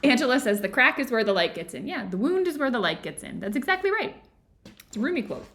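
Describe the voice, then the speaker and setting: A woman's voice: fairly high pitch, big pitch swings, fast, fairly bright tone. A woman hosting an online book club from her home office, talking casually and animatedly and laughing often.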